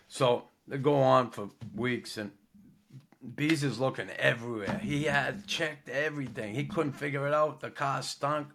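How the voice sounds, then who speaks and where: A man's voice: medium pitch, a little slow, fairly bright tone. A middle-aged man hosting a podcast, telling a story in a laid-back, profane way with lots of fillers. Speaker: podcast host. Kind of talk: casual storytelling.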